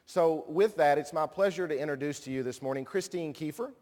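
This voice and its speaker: A man's voice: fairly high pitch, brisk, a little mellow. A man in his thirties giving a conference speech, telling a personal story with self-deprecating humor before he introduces a guest. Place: large conference hall. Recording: long hall reverb.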